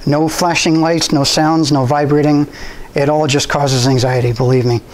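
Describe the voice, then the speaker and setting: A man's voice: on the high side, normal speed, low-quality recording. A man presenting a talk at a computer club, speaking in a loose conversational way with restarts and fillers. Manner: conversational, relaxed, with frequent restarts and ums. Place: university room.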